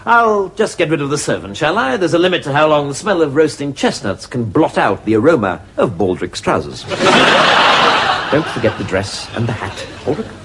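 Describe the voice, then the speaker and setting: A man's voice: on the high side, big pitch swings, normal speed. An actor playing a dry, sarcastic, scheming male servant in a sitcom. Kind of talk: sitcom acting. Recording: hissy old TV recording.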